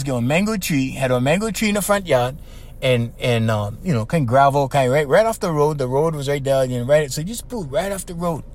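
An older man with a Hawaiian accent, hosting a podcast and telling a story in a slangy, animated way with lots of repeats. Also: a little high. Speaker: podcast host. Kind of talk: casual storytelling.

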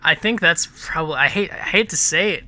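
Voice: mid-range voice, fairly quick, pushed and bright. A podcast co-host in casual comedic chat, making dry, wry asides.

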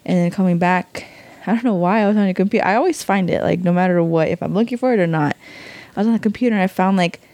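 A woman's voice: on the low side, fast talker, a little mellow, dry recording. A young woman co-hosting a podcast, chatting candidly with her husband and filling her talk with "like" and "you know". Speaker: podcast co-host. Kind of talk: candid couple chat.

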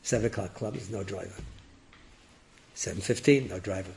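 Guy telling a story, gravelly voice, lively, does the voices. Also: low voice, normal speed. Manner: lively, acts out characters with rising excited voices and laughs. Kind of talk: animated oral storytelling.

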